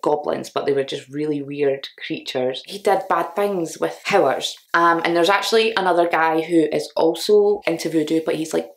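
A young woman with a slightly low voice gives a casual, chatty book review. She rambles and gushes, with lots of filler words between her thoughts. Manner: rambling, frequent "like" fillers, gushing. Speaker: vlogger reviewing books.

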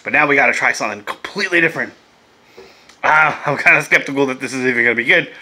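A man's voice: mid-range voice, fast talker, sharp tone. A laid-back man chatting casually and swearing as he reviews vape gear in a vlog, coughing now and then.

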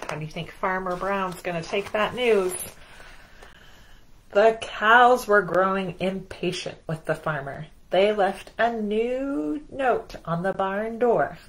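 Animated woman reading to kids. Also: medium pitch, slow pace, rough recording. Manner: animated, gasping, asks the kids questions. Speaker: children's librarian. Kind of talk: children's storytime read-aloud.

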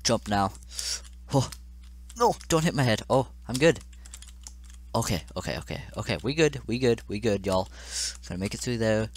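Young guy doing a lets play, kinda low voice, keeps yelling at the game, keys clacking in the background. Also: moderate pace, slight background noise. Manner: frustrated, exclamatory, talking to the game. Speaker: gaming channel host. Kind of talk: let's play commentary.

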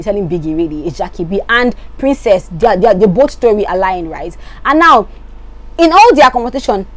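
A woman, chatting casually as she recaps reality show gossip with lots of asides. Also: mid-range voice. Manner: chatty, animated, lots of "you get me".

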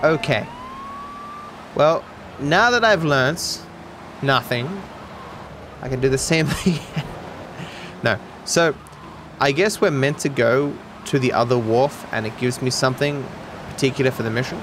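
A young Australian man giving live gameplay commentary, excitable and swearing in quick outbursts at the game. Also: medium pitch, background noise. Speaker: streamer.

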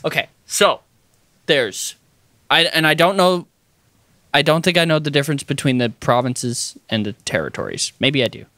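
A man's voice: fairly high pitch, moderate pace, dry recording. A young man co-hosting a podcast, chatting casually and playfully. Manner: lively, playful, slips into jokey voices. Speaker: podcast co-host. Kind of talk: casual chat.

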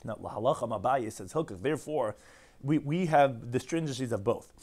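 Rapid-fire rabbi teaching Talmud. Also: male voice, mid-range voice, a little mellow, husky. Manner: rapid explanatory delivery, reads and translates text line by line. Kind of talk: daily Talmud lesson.

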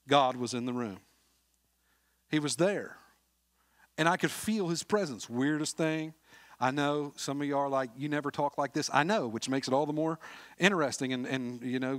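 A man preaching a sermon as a pastor, telling a story in an earnest way, dropping to a hush and then rising to loud appeals. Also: mid-range voice, no room sound. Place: church sanctuary.

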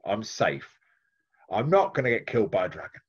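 A man's voice: lowish voice, big pitch swings, fairly quick, husky. Scoffing proud fighter, played by a man telling a story, dismissive, muffled recording. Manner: scornful, dismissive. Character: proud scoffing young male warrior.

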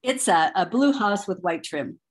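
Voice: medium pitch, very animated, unhurried, pitched above the performer's own voice. A person playing a chatty woman homeowner on a sales call role-play. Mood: friendly.

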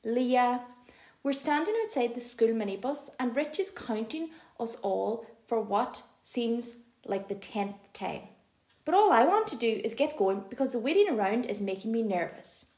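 A woman reading a first-person audiobook aloud in an expressive, lively storytelling manner. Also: a little high, normal speed. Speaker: audiobook narrator. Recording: echoey room.

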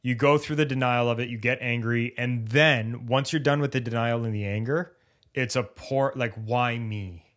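Animated male podcast coach. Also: mid-range voice, normal speed. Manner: animated, acts out athletes' inner voices. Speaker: podcast co-host and injury recovery coach. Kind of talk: casual podcast chat.

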